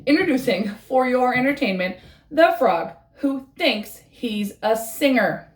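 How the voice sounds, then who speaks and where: A woman's voice: on the high side, lively intonation, measured pace, roomy sound. A woman voicing a bossy, impatient male fox who runs a concert, in a storybook reading. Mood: showman. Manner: brusque, impatient.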